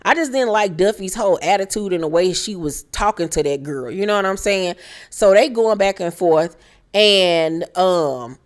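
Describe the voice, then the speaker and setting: Sassy, profane woman recapping a show. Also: normal speed. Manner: animated, profane, sassy, shouting high mock rants. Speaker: reality TV recap host. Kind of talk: casual recap commentary.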